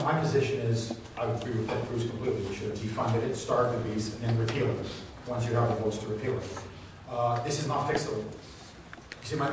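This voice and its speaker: A man who hosts a radio talk show speaks to a meeting. He tells stories with passion and rises to loud exclamations. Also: mid-range voice. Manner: impassioned storyteller, rising to loud exclamations. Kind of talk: speaking to a meeting, answering questions. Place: meeting room. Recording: echoey hall, speaker far from mic, faint noise.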